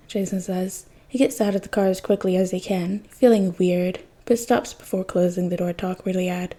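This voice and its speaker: A woman reading fan fiction aloud in a soft, intimate narration that sometimes drops close to a whisper. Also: medium pitch, fairly even intonation, normal speed, few pauses. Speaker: podfic reader.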